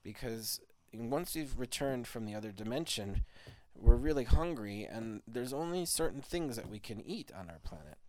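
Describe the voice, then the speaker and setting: A man's voice: medium pitch, animated, moderate pace, a little mellow, lightly acted. A man voicing a polite, worried caller from an undersea planet in a bedtime story. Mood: earnest.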